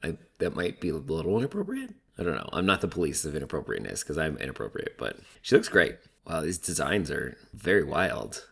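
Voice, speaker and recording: Man, very low register, casual gossipy recap host, filler-heavy. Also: huge pitch swings, fairly quick, creaky, few pauses, husky. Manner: chatty, gossipy, heavy use of "like". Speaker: reality TV recap commentator.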